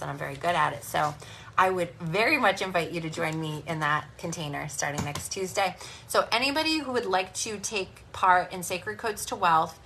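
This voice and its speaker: A woman coach speaks in a fairly low voice, pitching her program with blunt, energetic tough love. Her delivery is direct and motivational, like a live stream to followers. A faint background hiss sits under the voice. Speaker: business and spiritual coach.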